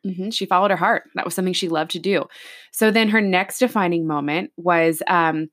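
Lower-voiced woman podcast co-host. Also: fairly quick, a bit bright. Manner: retells stories casually, many "like" fillers. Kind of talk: casual podcast chat.

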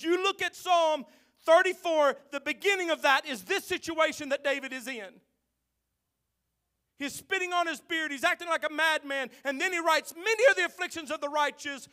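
A man preaching a sermon, telling folksy joke stories in a low, even voice and then rising to loud, drawn-out shouts. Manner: swings from quiet storytelling to shouted, drawn-out exclamations; tells jokes in a folksy way.

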